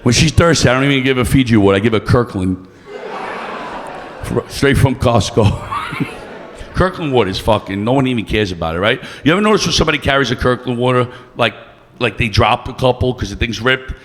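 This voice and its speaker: A man's voice: mid-range voice, lively intonation, brisk, slight background noise. A man doing stand-up, brash and profane, teasing the crowd. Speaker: stand-up comedian. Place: comedy club stage. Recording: long reverb of a club room.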